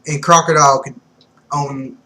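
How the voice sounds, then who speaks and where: A man's voice: fairly high pitch, normal speed, poor audio. Young guy hyped up talking manga, swears a lot, keeps laughing, faint hiss behind. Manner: excitable, profane, laughs often. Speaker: manga reviewer. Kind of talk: casual commentary.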